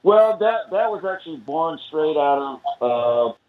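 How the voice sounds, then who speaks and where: With a fairly high, animated voice and no rush at all, an older American guest musician rambles through long tales in a podcast interview, leaning heavily on "you know." The audio has a tinny, phone-call quality.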